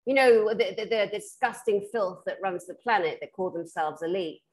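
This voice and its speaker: A British woman, a spiritual therapist, telling stories in a frank, lively, casual chat. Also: medium pitch, moderate pace. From Britain. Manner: animated storyteller who acts out the people she quotes; frank and blunt, laughs through her stories.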